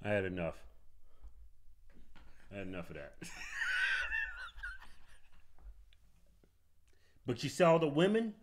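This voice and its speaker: A man's voice: lowish voice, wildly swooping pitch, normal speed, pauses often, heavy background noise. A man casually commenting on a clip as co-host, blunt and joking, often mocking.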